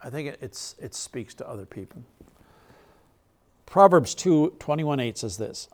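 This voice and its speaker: A man's voice: mid-range voice, expressive, moderate pace. A male pastor preaching a sermon in a conversational way, asking the crowd questions and laughing between points.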